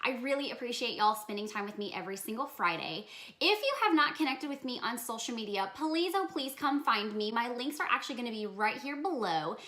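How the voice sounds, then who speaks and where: A woman's voice: fairly high pitch, expressive, a little fast, bright, forceful tone, roomy sound. A woman, giving a chatty, upbeat hair tutorial and sign-off as a vlogger. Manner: upbeat, chatty, says "y'all".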